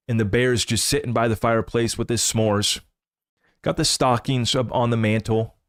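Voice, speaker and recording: A man hosting a crypto channel, chatting casually and excitedly with rambling asides and laughs. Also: lowish voice, no echo, studio quality. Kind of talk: casual livestream commentary.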